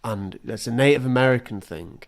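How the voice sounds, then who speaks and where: A man's voice: mid-range voice, lively intonation, brisk. A man co-hosting a podcast, chatting casually with dry, teasing jokes. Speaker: podcast co-host. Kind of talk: casual chat.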